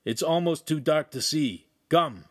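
A man reading an audiobook, voicing a rough male servant who speaks broken English with a slow, mocking drawl. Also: fairly high pitch, animated, no room sound, clean studio sound, pitched above the performer's own voice.

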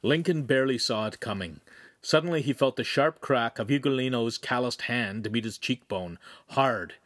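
A man reading a young adult novel aloud in a measured, even way. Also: medium pitch, no room sound, studio quality. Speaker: audiobook narrator. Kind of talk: scripted narration.

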